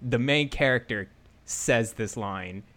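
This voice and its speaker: Excitable man on a gaming podcast. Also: medium pitch, takes it slowly. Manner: excitable, chatty, trails off mid-sentence. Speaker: podcast co-host. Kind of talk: casual gaming podcast chat.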